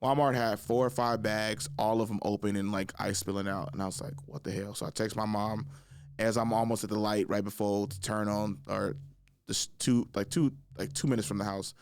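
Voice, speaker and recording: Hoarse young man telling stories. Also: fairly low pitch, a little fast, dry recording. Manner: animated, swears a lot, acts out voices loudly. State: hoarse from lost voice. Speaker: podcast host. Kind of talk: casual storytelling.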